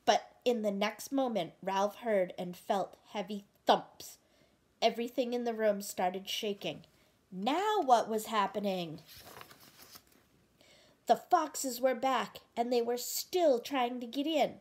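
A woman reading a picture book aloud, gently pausing to ask the listener questions about the story. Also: fairly high pitch. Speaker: storybook reader.

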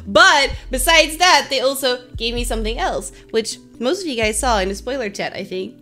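A woman's voice: on the high side, lively intonation, normal speed, sharp tone, soft background music. A young woman streamer chatting casually and giggling with her viewers during a live stream. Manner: bubbly, giggly, chats with viewers.

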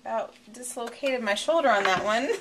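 A woman hosts a home cooking demonstration in her kitchen, chatty and giggly, poking fun at herself as she works. Her voice is mid-range, and the background is noisy.

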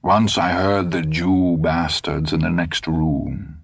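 A man's voice: low voice, fairly even intonation, vocal fry, slightly rough, no echo, full character voice. A man reading the part of a bitter, cynical old fugitive in an audiobook, speaking with dry sarcasm. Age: older. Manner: dry, sardonic, measured.

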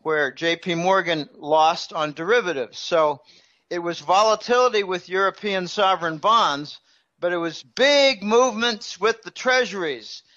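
A man's voice: high voice, measured pace, sharp tone, muffled recording. A man as a guest financial analyst, explaining markets in a conversational interview with everyday analogies.

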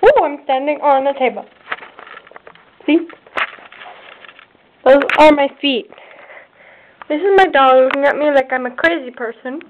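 Young woman goofing around on a home video, high voice, tinny old camera sound. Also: unhurried, long pauses, slight background noise. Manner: silly, self-mocking, chatty. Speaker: vlogger giving a home tour. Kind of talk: playful home video narration. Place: house, indoors and out by a fence.

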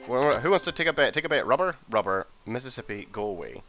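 A man giving casual, sweary gameplay commentary as a let's play host, excitable and muttering to himself as he plays. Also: fairly low pitch, fast, slight background noise.

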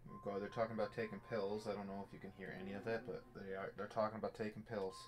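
A young gameplay streamer delivers live commentary on a virtual reality horror game, skittish and jokey, swearing while talking to himself. His voice sits on the low side, flat in delivery and very fast, over faint game music.

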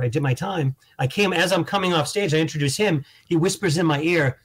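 Guy comic telling road stories, kinda high voice, acts out the quotes. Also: brisk, slightly rough. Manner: animated anecdotes with acted-out quotes. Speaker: guest comedian. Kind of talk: casual storytelling chat.

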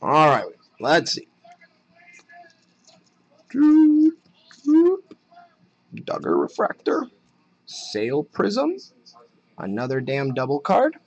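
A young man chatting casually while opening trading card packs on a live break, excited at the hits and muttering asides. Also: medium pitch, takes it slowly, husky, rough recording.

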